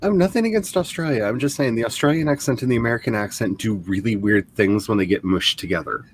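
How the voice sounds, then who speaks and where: A man in casual stream chat, animated and laughing often. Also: on the low side, quick pace, a little hiss or hum.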